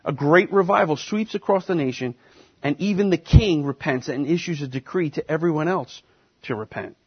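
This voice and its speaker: Husky-voiced male preacher, lo-fi recording. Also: on the high side, normal speed. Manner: preaching emphatically, asking the congregation questions. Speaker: pastor. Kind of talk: sermon.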